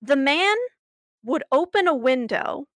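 A woman's voice: sits high, expressive, unhurried, dry recording, studio quality. A woman co-hosting a podcast, telling a story in a chatty, laughing way with many fillers and restarts. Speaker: podcast co-host. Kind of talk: casual chat, storytelling.

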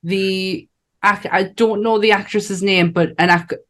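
A woman's voice: mid-range voice, fairly even intonation, measured pace. A woman co-hosting a podcast, chatting casually, swearing and laughing easily. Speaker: podcast co-host. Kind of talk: casual chat.

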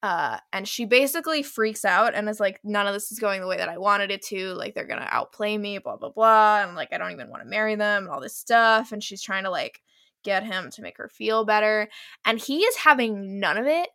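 A woman's voice: medium pitch, a little fast, sharp tone. A woman co-hosting a casual podcast, recapping a book plot in a chatty way with lots of fillers. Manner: chatty storyteller, many fillers like "um" and "like". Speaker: podcast co-host. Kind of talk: casual chat.

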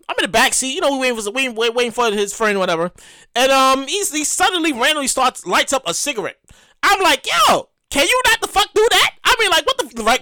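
A man's voice: very high voice, dry recording. A young man hosting a show, delivering a rambling, profane, comedic rant. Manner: rambling, repetitive, profane, excitable. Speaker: podcast host.

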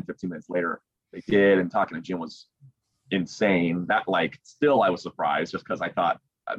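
A young man, a sports broadcaster, excitedly retelling a story as an interview guest over a video call, acting out quotes as he goes. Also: deep voice, breathy edge, dry recording, lo-fi sound. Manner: animated, excited retelling with quick acted quotes.

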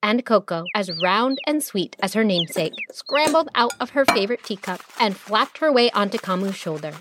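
Expressive woman telling a children's story. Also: mid-range voice, moderate pace, very noisy. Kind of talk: scripted children's story narration. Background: music.

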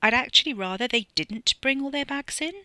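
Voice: mid-range voice, fairly quick, pushed and bright, no room sound, pitched above the performer's own voice. The author reading a novella, voicing an anxious young woman who plays the polite hostess, tense and hissing.

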